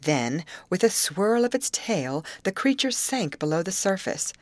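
Brief: woman audiobook narrator, low and expressive, varied intonation. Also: unhurried, dry recording. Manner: expressive, voices each character. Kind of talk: audiobook reading of a novel.

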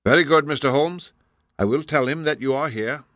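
A man's voice: on the high side, moderate pace, fairly bright tone, no room sound, studio quality, voice pushed up, close to an everyday voice. A man voicing a demure, nervous male secretary in an audiobook, politely anxious. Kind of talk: audiobook character voice.

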